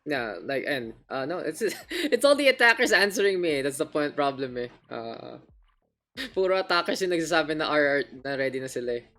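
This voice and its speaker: A man's voice: a little high, animated, a little fast, bright, forceful tone. Laid-back swearing Filipino male caster. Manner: swears casually, switches between English and Filipino. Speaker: caster and stream host. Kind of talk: casual stream chat.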